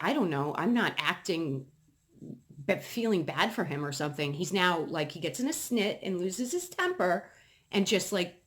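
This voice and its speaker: Heated, swearing woman ranting animatedly. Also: on the low side. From New England. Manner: heated, profane, emphatic ranting. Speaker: vlogger. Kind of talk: casual ranting storytime.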